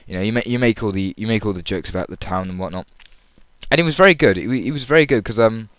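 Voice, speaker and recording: Chatty young Englishman, low clear voice. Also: fast, fairly bright tone, no echo. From England. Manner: chatty, lots of fillers and restarts. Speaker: vlogger. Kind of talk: rambling audio log.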